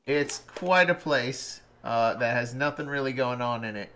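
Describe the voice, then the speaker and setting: A man's voice: medium pitch, unhurried, pushed and bright. A man chatting casually with friends on a stream, telling rambling stories full of fillers. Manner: rambling storyteller, many fillers, mimics voices. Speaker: co-host.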